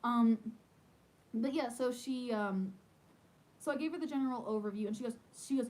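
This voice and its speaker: A woman in her thirties, a podcast host, chatting casually and telling animated stories with lots of "like". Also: on the high side, normal speed, pauses often, rough recording. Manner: chatty, animated storytelling with many "like"s. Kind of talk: casual chat.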